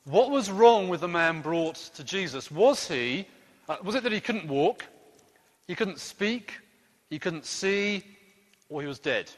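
A man leading a playful quiz for children during a church service, joking gently as he asks questions. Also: high-pitched, a little slow, big-room sound. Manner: lively, playful quizmaster with gentle jokes. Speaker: children's talk leader at church.

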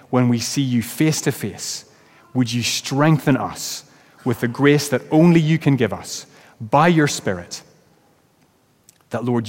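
A man preaching a sermon as pastor, then leading a closing prayer. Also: mid-range voice. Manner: reads a story aloud with rising, shouted quotes. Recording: long reverb of a church hall.

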